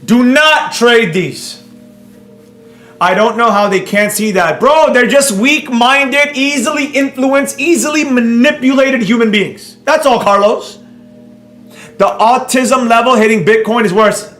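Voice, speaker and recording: Brash high-voiced man teaching trading. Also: a little slow, a bit bright, reverberant, soft background music. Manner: brash, mocking, rambling. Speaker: trading instructor. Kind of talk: live-streamed trading class.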